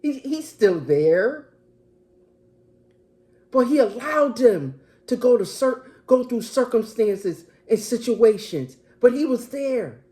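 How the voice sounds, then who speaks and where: A woman's voice: on the high side, lively intonation, slow pace, mellow. A woman preacher giving a sermon, emphatic and restating her phrases.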